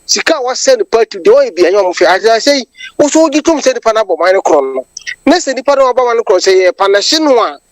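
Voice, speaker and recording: A woman's voice: a little high, big pitch swings, quick pace, dry recording, rough recording. A Ghanaian woman calling in to a radio show, delivering a long impassioned monologue that switches between English and Twi. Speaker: caller. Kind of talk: phone-in political commentary.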